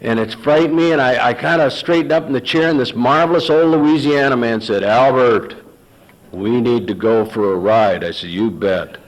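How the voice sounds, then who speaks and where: A man's voice: medium pitch, moderate pace, rough recording. Folksy man telling his story. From Texas. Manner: folksy storyteller, quoting others in dialogue. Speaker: recovery meeting speaker. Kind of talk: personal story told to an audience.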